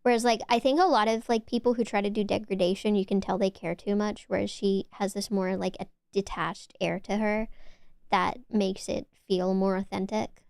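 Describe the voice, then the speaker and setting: A young woman with a Valley Girl accent chatting on her stream, talking loosely with lots of "like"s and sometimes dropping to a soft whisper. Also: steady tone, moderate pace, creaky, clean tone, dry recording, clean studio sound. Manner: chatty, filler-heavy with many "like"s, dips into low whispers. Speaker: VTuber streamer. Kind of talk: casual chat stream.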